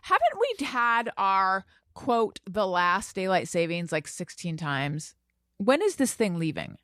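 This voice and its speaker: A woman co-hosting a podcast in casual chat, animated and quick with jokes. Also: medium pitch, no room sound, clean studio sound. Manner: animated, laughing, quick asides. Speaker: podcast co-host.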